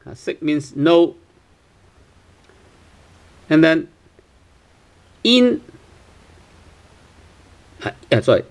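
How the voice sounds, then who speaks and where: Slow, patient male teacher. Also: on the high side, lively intonation, a little mellow. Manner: slow, patient, repeats sounds many times with frequent uh fillers. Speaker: language teacher. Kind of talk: pronunciation lesson.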